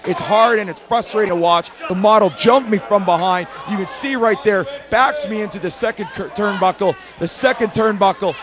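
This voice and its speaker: A man, a wrestler loudly and excitably calling his own match in boastful play-by-play. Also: sits high, a little fast, hardly any pauses. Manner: loud, excitable, boastful, shouting. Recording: loud arena crowd behind.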